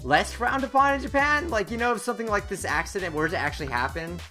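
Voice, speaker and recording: A man hosting a gaming video, giving excitable let's-play commentary and talking straight to his viewers. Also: high-pitched, quick pace, faint music behind. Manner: animated, laughing, talks straight to viewers.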